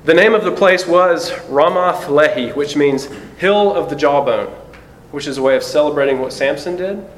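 Male pastor, fairly high voice, earnest sermon delivery, slows and drops for emphasis, faint noise behind. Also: rough recording.

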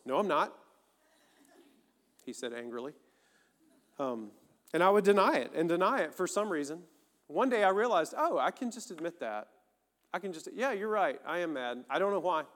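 Man preaching, earnest and chatty, talks right to the crowd, slightly high voice, big echoey hall. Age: adult, married. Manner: earnest, conversational, speaks directly to listeners. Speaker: pastor. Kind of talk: sermon. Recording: long reverb of a large hall.

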